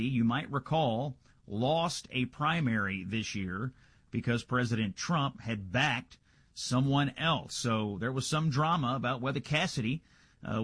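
A man's voice: mid-range voice, a bit bright, slightly rough, no echo. A male radio host giving a conversational political news rundown, checking the Senate floor live, with frequent filler "uh"s.

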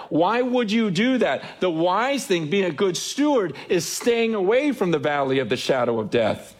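A male pastor preaching with a fairly high voice. He talks earnestly and conversationally in front of his congregation and stumbles over repeated words now and then. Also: big pitch swings, moderate pace, hardly any pauses. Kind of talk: sermon.

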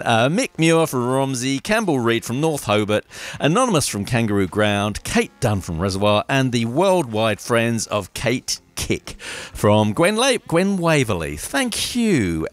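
A man at a radio mic reads out thanks and shout-outs in a loose, chatty manner. He talks at a mid pitch that swings up and down in a sing-song way. He often stops to correct himself. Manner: chatty and rambling, self-correcting, lively sing-song delivery. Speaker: community radio host.

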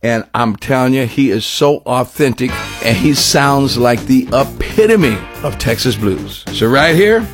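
A man hosting a radio countdown show, telling a loose, rambling story with many restarts in a husky voice. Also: mid-range voice, lively intonation, measured pace, hardly any pauses, soft background music. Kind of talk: casual radio show talk.

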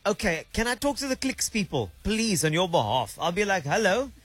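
A man's voice: sits high, big pitch swings, fairly quick, a bit bright, no room sound, soft background music. A man hosting a radio call-in, teasing and gushing over his caller. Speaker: radio host.

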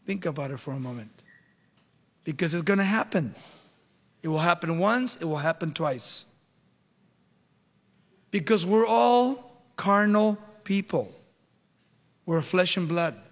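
A man's voice: high voice, animated, unhurried, pauses often. A male pastor preaching a sermon, emphatic, with rhetorical questions and dramatic retelling, in a church hall.

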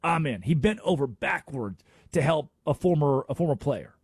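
A man's voice: a little high, animated, normal speed, a little mellow, slightly rough, no room sound, clean studio sound. A man hosting a sports talk radio show, arguing his points emphatically with rhetorical questions. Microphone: studio microphone.

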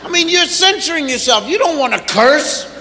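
A middle-aged man doing a stand-up routine, telling animated stories and acting out scolding parents. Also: very high voice, moderate pace, a crowd in the background. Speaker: stand-up comedian. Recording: echoey hall with audience and noise.

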